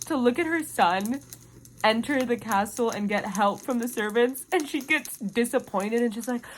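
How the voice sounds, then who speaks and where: A woman's voice: on the high side, lively intonation, moderate pace, slight background noise. A young woman chatting casually about a book she loves, gushing and dramatic, often breaking into laughter and reading quotes aloud. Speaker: book vlogger. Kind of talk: casual book review chat.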